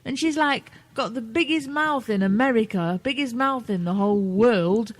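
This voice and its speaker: A woman's voice: a little high, moderate pace. A British woman co-hosting a casual radio chat, laughing often and swearing freely. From Britain. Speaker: co-host.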